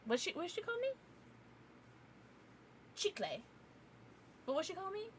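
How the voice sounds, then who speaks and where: A woman streamer chatting casually with her live chat, giggly and playful, teasing with sudden loud outbursts. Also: very high voice, very animated, measured pace, a little hiss or hum. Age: adult, parent. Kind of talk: casual livestream chat, reading chat.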